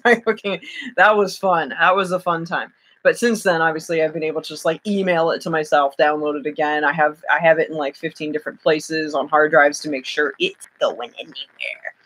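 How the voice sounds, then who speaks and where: On a casual live stream from her home, a woman rambles and giggles, starting over often and using lots of fillers. Her voice sits on the lower side, with a fairly bright tone.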